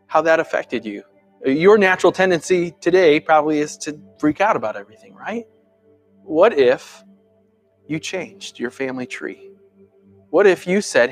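A male pastor delivering a sermon in a conversational way, moving between lively emphasis and hushed, soft asides. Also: a little high, moderate pace, faint music behind.

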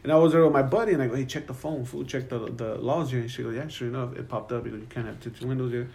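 A man's voice: medium pitch, very fast, vocal fry, darkish tone. A man telling a story in casual chat, swearing constantly and slipping into Spanish. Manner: profane, slangy, peppers speech with Spanish.

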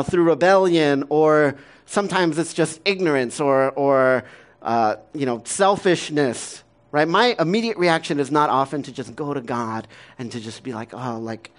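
This thirty-something pastor, whose voice sits a little high, preaches casually and conversationally with plenty of fillers. He laughs a lot and moves back and forth between hushed stretches and lively ones.

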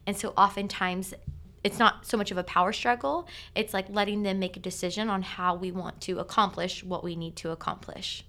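A woman's voice: mid-range voice, steady tone, moderate pace, bright, forceful tone. A woman in her thirties hosting a solo podcast, talking in a casual, conversational way with many filler words. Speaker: podcast host.

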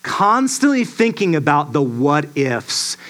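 A man preaching a sermon to a congregation, emphatic and lively, asking the audience rhetorical questions. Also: a little high, slow pace. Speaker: pastor.

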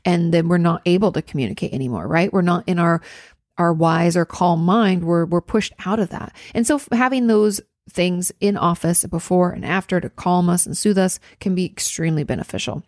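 A woman's voice: on the low side, normal speed, darkish tone, no echo, clean studio sound. A woman therapist casually answering viewer questions, chatty and full of "like" fillers. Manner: conversational, many "like" fillers.

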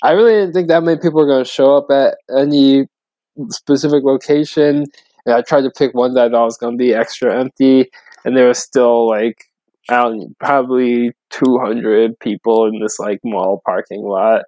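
A relaxed man in casual podcast chat who tells a story in a loose, rambling way. His voice sits at a middling pitch. It is recorded dry, with no room echo. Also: normal speed. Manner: laid-back, rambling, laughs easily. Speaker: podcast co-host.

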